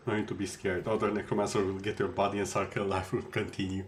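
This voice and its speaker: A man's voice: on the low side, little pitch movement, quick pace, slight background noise. A man streaming a game, giving casual, rambling commentary with jokey asides to his chat.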